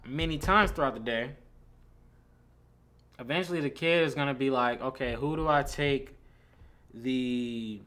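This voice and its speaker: A man's voice: medium pitch, fairly bright tone. Young man, blunt slangy tier-list talk. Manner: blunt and slangy, lots of "like" and "bro" fillers. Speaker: YouTuber ranking a tier list. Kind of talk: casual opinionated commentary.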